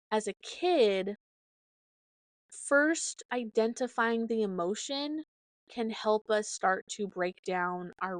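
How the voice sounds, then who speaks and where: A woman's voice: mid-range voice, no echo. A young adult woman hosting a casual solo podcast, talking in a chatty, heartfelt way with many fillers. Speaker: podcast host.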